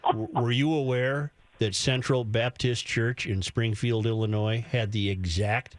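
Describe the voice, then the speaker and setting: A man's voice: mid-range voice, steady tone, measured pace, slight background noise. A man co-hosting a sports talk radio show, joking wryly with his partner and callers. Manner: wry, joking. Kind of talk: casual sports radio chat.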